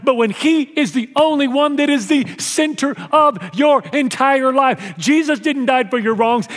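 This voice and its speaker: An older Mexican pastor delivers a sermon in a fairly high voice, lively and acting out scenes along the way. The sound carries a long reverb tail, as if he's in a large church hall.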